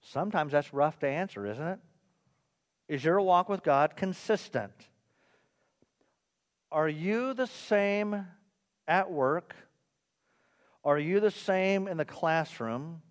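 A pastor preaches in a higher-pitched man's voice to a church. He fires questions at his listeners and chats with them, and he pokes fun at himself. A long reverb of the hall follows him. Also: lively intonation, slow pace, long pauses. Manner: questioning, conversational, self-mocking. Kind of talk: sermon.

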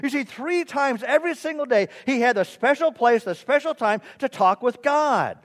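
A man's voice: extremely high pitch, lively intonation, normal speed, a bit bright. A man pastor preaching a sermon in a church. He asks his listeners questions and talks to them conversationally, with some self-mocking asides. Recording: long reverb of a church hall.

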